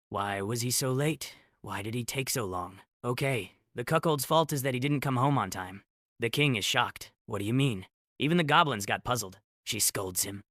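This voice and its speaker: A man's voice: mid-range voice, pushed and bright, dry recording, clean studio sound. A man narrating a comic story recap with sarcastic asides.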